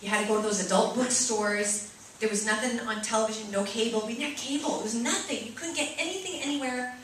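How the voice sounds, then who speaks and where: A Catholic sister from Boston, with a fairly high voice, gives a chatty talk full of stories to students and parents. She keeps checking in with the room. Her voice echoes heavily around a large space, picked up from a distance. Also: fast talker, a bit bright, a little hiss or hum. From Boston, USA. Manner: chatty storytelling, asks "right?" often. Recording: echoey room, mic far off.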